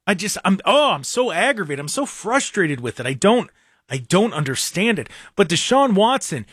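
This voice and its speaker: A man's voice: high-pitched, very animated, brisk, a bit bright, breathy edge, no room sound, clean studio sound. A young adult man, hosting a sports talk show and ranting in an exasperated, emphatic way. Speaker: sports talk radio host.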